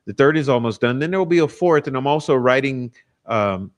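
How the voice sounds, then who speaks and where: A man's voice: medium pitch, lively intonation, fairly quick. A man hosting a casual livestream, ranting combatively and profanely, with frequent restarts. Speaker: livestream host.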